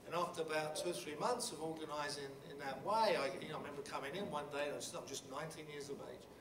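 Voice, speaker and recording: A middle-aged Englishman speaks at a panel talk, telling a story in a halting, blunt way with many restarts and fillers. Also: a little high. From England. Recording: roomy hall from a distant mic with background noise.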